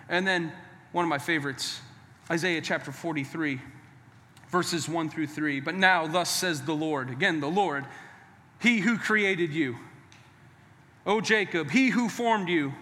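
A man preaching with a high, bright and forceful voice. His delivery is emphatic and conversational, and he urges the congregation to say lines back to him. His voice rings with the long reverb of a large hall. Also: a little slow, long pauses. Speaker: pastor. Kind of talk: sermon.

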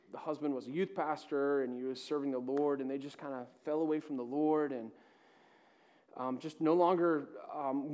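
A man with a notably high-pitched voice preaches a sermon as a pastor. He presses hard on key points, then drops to a hushed, low-volume delivery. His style is impassioned and earnest from the pulpit. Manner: impassioned preaching, swinging between loud emphasis and hushed tones.

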